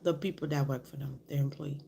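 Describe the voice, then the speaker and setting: A woman's voice: low-pitched, steady tone, fast talker, vocal fry, dark tone, a little hiss or hum. A woman vlogger telling a story in a candid, rambling way, often dropping to a whisper. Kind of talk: casual storytelling to camera.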